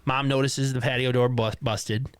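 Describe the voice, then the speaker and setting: A man co-hosts a podcast, calmly walking through a horror film scene by scene. His voice sits in a middle range, and the recording is dry and close, with almost no room sound. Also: medium pitch, moderate pace, clear, resonant tone, no echo. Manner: relaxed storytelling, recapping scenes step by step. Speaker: podcast co-host. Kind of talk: casual chat recapping a horror film.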